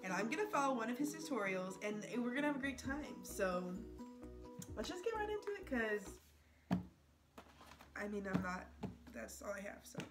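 A woman's voice: a little high, very animated, normal speed, long pauses, loud music behind the voice. Chatty, self-mocking woman vlogger. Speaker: beauty vlogger. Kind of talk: casual makeup tutorial chat.

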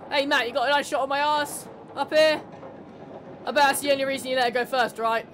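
A woman's voice: sits high, steady tone, quick pace, fairly bright tone, slight background noise. A woman commentating her horror game playthrough, sarcastic, swearing and laughing at the characters. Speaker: gamer. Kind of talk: let's play commentary.

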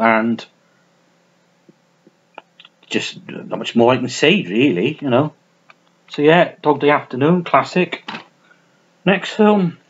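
A man chatting casually to camera about his film collection, rambling and swearing with many restarts and self-mocking asides, in a small warm room at home. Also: on the high side, dull audio. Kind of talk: casual unscripted chat to camera.

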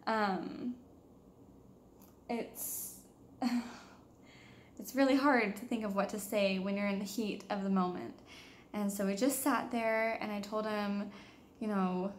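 A woman's voice: medium pitch, fairly even intonation, slow pace, long pauses, a little hiss or hum. A young woman in her twenties, a mother vlogging, telling a personal story in a candid, casual way with many fillers.

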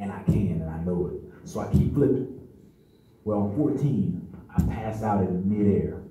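Man in his 30s, storytelling testimony speaker, very mellow dark voice, low-ish pitch. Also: slight background noise. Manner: conversational storytelling, often checks in with "right?". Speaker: conference speaker. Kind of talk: personal testimony speech. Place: meeting room at a men's conference. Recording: echoey room, mic far off.

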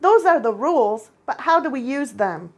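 A woman teaching first graders a spelling lesson, patient and clear, repeating each word for the children. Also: high-pitched, big pitch swings, moderate pace. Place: international school.

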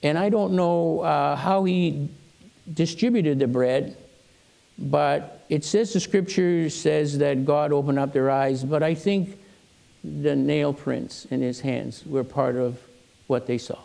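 A man's voice: on the high side, takes it slowly, creaky, warm tone. An older man preaching as a pastor in a church, telling personal stories in a conversational way and acting out the voices he quotes.

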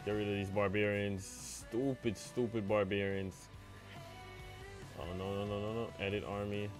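A man's voice: fairly low pitch, unhurried, faint music behind. A young man streaming a live game, chatting with his viewers and crying out in dismay when plays go wrong. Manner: excitable, talks to chat, cries out when things go wrong. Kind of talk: live gameplay commentary.

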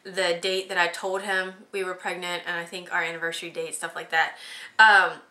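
A young woman chats away in a relaxed vlog, laughing as she tells her story and leaning on lots of "like" and "um". Her voice is bright and forward. The room around her rings with echo. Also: fairly low pitch, moderate pace. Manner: chatty, giggly storytelling with lots of fillers. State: pregnant. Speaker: vlogger. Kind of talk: casual chat.

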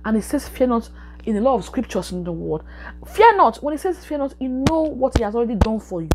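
A woman's voice: on the high side, lively intonation, fast, mellow. A woman preaching a sermon and leading a prayer, repeating her phrases with emphatic, exhorting delivery.

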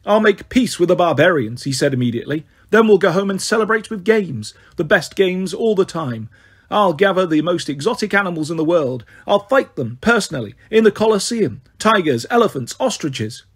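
A man's voice: high voice, lively intonation, moderate pace, husky. A man reading aloud, voicing a spoiled young male Roman prince who complains petulantly. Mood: complaining. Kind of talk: audiobook character voice.

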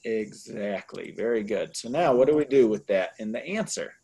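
A man's voice: lowish voice, expressive, normal speed, vocal fry, warm tone, slightly rough. A man tutoring a Spanish class, explaining grammar patiently in a casual way. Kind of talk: online tutoring session.

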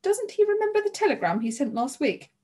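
A headstrong lady reporter with a breathy edge, huffing and scornful as she pushes on, put on by a woman narrating an audiobook. She speaks in forceful, indignant bursts. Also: mid-range voice, brisk, close to an everyday voice. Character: excitable English reporter woman, bold.

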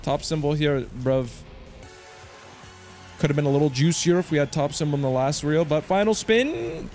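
A man hosting his own channel, commenting excitedly to viewers with slang, swearing and loud outbursts. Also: a little high, moderate pace, soft background music. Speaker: slots streamer host.

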